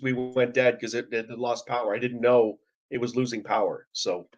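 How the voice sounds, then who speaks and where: A man from Canada talks over a video call in a mid-pitched voice. The sound is dull and lo-fi. He speaks in an easygoing, friendly way as a guest. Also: fairly even intonation, normal speed. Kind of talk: casual video-call chat.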